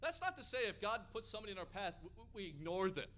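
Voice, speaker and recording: A man from Hawaii delivers a sermon full of personal stories, animated and energetic. His voice sits high for a man, with a bright, forceful edge. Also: fast. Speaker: pastor.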